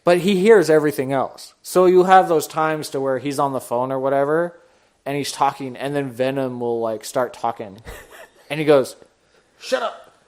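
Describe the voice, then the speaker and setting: A young man co-hosting a podcast in casual chat, animated and acting out movie scenes as he talks. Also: mid-range voice, normal speed. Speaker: podcast co-host.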